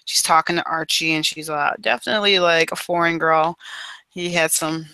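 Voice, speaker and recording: Rich: A man with a bright, fairly high voice co-hosts a podcast in casual chat. He rambles loosely through a book summary, leaning on fillers and offhand phrasing. The sound is close and dry. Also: fairly even intonation, brisk, creaky, clear, resonant tone, no echo, rough recording. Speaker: podcast co-host.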